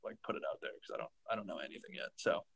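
A man's voice: rumbling low, animated, racing, vocal fry, a bit bright, slightly rough. A young man, a stand-up comedian, chatting casually on a podcast, rambling with lots of fillers and restarts. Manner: rambling, filler-heavy, says dude a lot.

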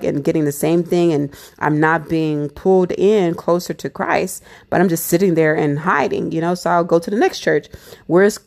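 A woman in her twenties shares a personal faith testimony in a deep, gravelly voice. She is animated, acting out her past thoughts and using lots of "like" and "you know."

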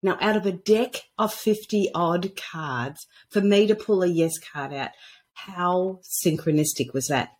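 A woman guest on a casual podcast, telling animated stories and acting out the dialogue in them. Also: lowish voice, a little slow. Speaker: guest author on intuition. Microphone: podcast microphone at a computer.

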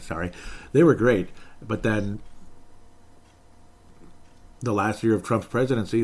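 A man talks alone into the mic for his own podcast, a rambling political commentary that keeps heating up. His voice sits on the low side, and he trips over restarts and fillers as he goes. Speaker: podcast host.

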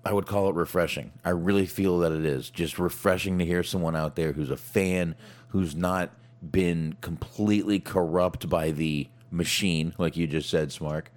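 A man hosting a casual chat, talking in a halting way with frequent restarts and fillers. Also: low-pitched, steady tone, darkish tone. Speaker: podcast host.

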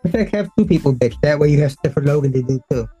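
A man's voice: on the high side, animated, fast, warm tone, husky, faint music behind. A man co-hosting a podcast, chatting casually and mostly agreeing in short replies. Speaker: podcast co-host. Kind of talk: casual wrestling chat.

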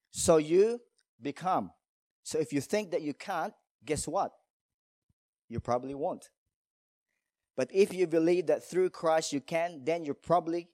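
A man's voice: on the high side, darkish tone, no echo. A male pastor preaching a sermon in a church, emphatic, telling stories and asking rhetorical questions.

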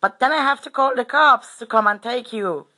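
A woman's voice: fairly high pitch, sing-song, slow pace, fairly bright tone, voice pushed up, heavily acted. A woman putting on a pushy old Aussie bloke. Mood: insistent. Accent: attempted Australian. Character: gruff old Australian man, insistent.

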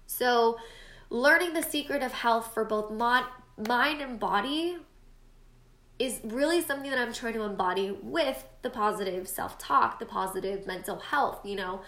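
A woman's voice: fairly high pitch, moderate pace, a bit bright, echoey room. A woman in her late twenties hosting her own podcast, talking in a casual, encouraging and self-deprecating way, with a stuffy nose. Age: late 20s. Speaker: podcast host. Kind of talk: casual solo podcast monologue.

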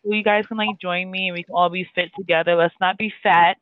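A man with a fairly high voice chats loosely on a podcast, rambling through his points with plenty of "like" and "um". The sound is dry and tinny, as if over a phone line. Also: steady tone, fast talker, no room sound. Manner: rambling, filler-heavy, breaks into sung lines. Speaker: podcast co-host. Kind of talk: casual podcast chat.

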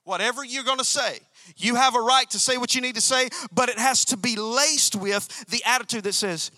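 A man's voice: very high-pitched, a little fast, bright, forceful tone, dry recording. A male pastor preaching a sermon, emphatic and repetitive, calling out to members of his congregation. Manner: emphatic, repeats key phrases, calls out to congregation.

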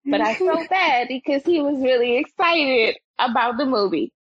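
A woman telling a story as a podcast guest, animated and expressive, her voice climbing higher when she gets excited. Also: normal speed, husky, no echo, highs cut off. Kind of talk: animated storytelling in casual chat.

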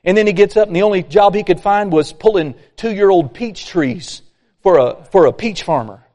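A man preaching a sermon, folksy and animated, acting out complainers. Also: high voice, normal speed. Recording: long hall reverb.

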